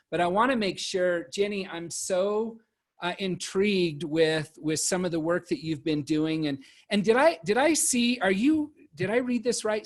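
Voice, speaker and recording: A man moderating a virtual panel discussion over a video call, speaking haltingly and often repeating words as he restarts. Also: high-pitched.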